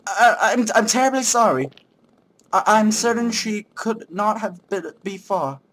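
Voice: medium pitch, normal speed, a little hiss or hum, natural voice. A player voicing an anxious, apologetic housemaid, stammering through game dialogue. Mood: flustered.

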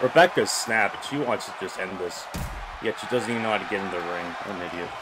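A man giving casual, reactive commentary on a wrestling video game, swearing and yelling at the screen as he pleads with the characters. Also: on the low side, fast. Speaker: gameplay commentator. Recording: game crowd and noise behind voice.

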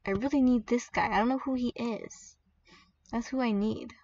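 A woman giving chatty, excitable commentary while playing a game, with squeals and laughs as she opens pets. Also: fairly high pitch, moderate pace, recorded from a distance, highs cut off. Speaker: gaming video creator. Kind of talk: gaming commentary.

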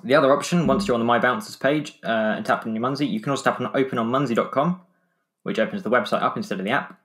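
A man's voice: mid-range voice, a bit bright. A man with an English accent, a podcast guest explaining app steps in a matter-of-fact way. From England. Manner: brisk, matter-of-fact instructions.

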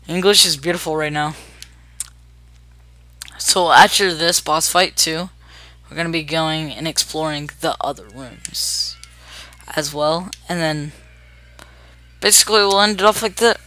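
Young gamer talking through gameplay, chatty and hyped, pretty bright voice. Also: mid-range voice, unhurried. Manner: chatty and upbeat, narrates moves, counts down out loud. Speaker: gameplay video host. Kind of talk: casual let's-play commentary.

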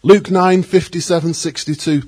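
Husky man preaching an animated sermon. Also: fairly high pitch, moderate pace. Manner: animated, acts out quoted voices, joking asides. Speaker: pastor.

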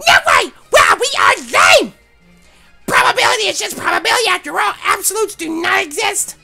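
Squeaky overdramatic game folks, shrieky and weepy, bright sharp tone, pitch flying all over. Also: male voice, sing-song, normal speed, gravelly, soft background music, heavily acted. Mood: shrill. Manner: shrieking, melodramatic, sobbing. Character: overwrought, squealing video game characters, shrill and dramatic.

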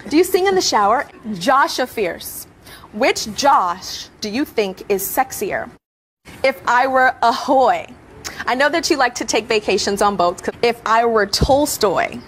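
A woman's voice: fairly high pitch, animated, unhurried, a little hiss or hum. A woman asking a string of playful quiz questions with silly wordplay, in a teasing manner.

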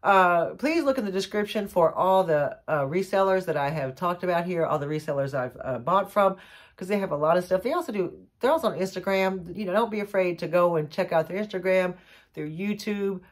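A middle-aged woman, gushing and excitable as she chats casually to the camera about a haul. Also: on the low side, a little fast. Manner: gushing, excitable, says y'all a lot. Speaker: vlogger showing a haul.

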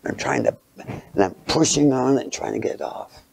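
A man giving a sermon through a childhood story, animated, sometimes dropping to a near whisper and putting rhetorical questions to his listeners. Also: medium pitch, moderate pace, vocal fry, breathy edge. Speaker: speaker.

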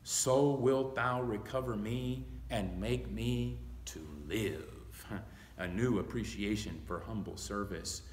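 Man, pastor, slow emphatic preaching, echoey church hall. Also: on the low side, a little hiss or hum. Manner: slow, emphatic preaching, reading scripture aloud. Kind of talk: Bible study sermon. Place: church sanctuary.

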